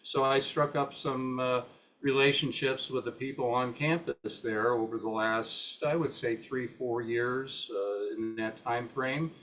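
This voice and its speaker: An older man, a retired academic, gives an unscripted talk at a meeting in a mid-range voice with fairly even intonation and a fairly bright tone. He's hesitant and halting, full of "uh"s, fillers and restarts. Soft music plays behind the slightly dull lo-fi audio.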